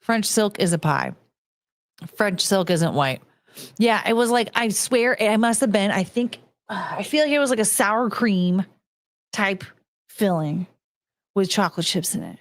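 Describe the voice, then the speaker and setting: An American woman chats on a livestream in a loose, ranting way and swears freely. Her pitch leaps around with a lot of life. The sound is dry and close to the mic. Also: lively intonation, unhurried, long pauses, no echo. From United States. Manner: ranting, profane, talks to chat. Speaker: streamer host. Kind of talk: casual livestream chat.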